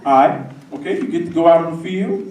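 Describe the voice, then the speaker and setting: A young man doing a loud pushy football coach. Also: fast, slight background noise, close to an everyday voice. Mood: persuading. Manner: wheedling, hyped-up recruiting pitch. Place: theatre stage. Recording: roomy stage sound from a distant mic.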